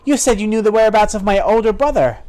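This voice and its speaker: A man voicing a defiant, sharp-tongued young woman knight in a raised, indignant voice during a game stream. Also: fast, close to an everyday voice. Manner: indignant, defiant, high put-on voice. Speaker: streamer reading game dialogue aloud. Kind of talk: live-streamed game playthrough.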